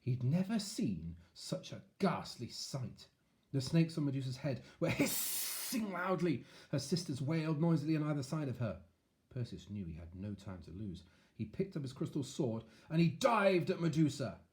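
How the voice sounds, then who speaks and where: Animated man reading a storybook. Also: mid-range voice, moderate pace. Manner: animated, chatty asides to young listeners. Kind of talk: reading a picture book aloud to children.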